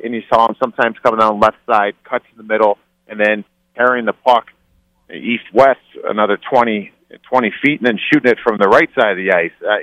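A man's voice: on the low side, fairly bright tone, dry recording, lo-fi sound. A man from Cleveland, a former hockey player telling stories in casual talk, rambling with lots of restarts. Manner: rambling, many restarts and fillers. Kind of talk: casual storytelling.

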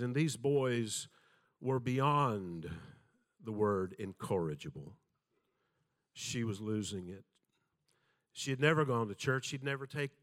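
Older southern preacher, folksy storyteller, mid-pitched, does little voices for his stories. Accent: Southern American. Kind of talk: sermon with storytelling.

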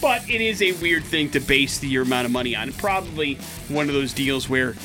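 A man co-hosting a morning radio show, chatting casually and excitably with plenty of fillers. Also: medium pitch, fairly quick, over music.

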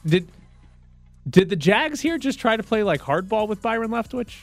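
A man's voice: high-pitched, faint music behind. A man hosting a sports radio show, chatting casually and joking about football news. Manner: quick, joking, animated.

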